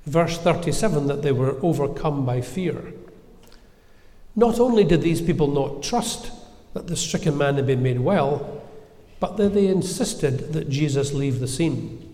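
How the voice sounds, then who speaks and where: A man preaching a sermon in a measured, gentle, earnest way, with reflective pauses. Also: on the high side, animated. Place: church. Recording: echoey church with long reverb.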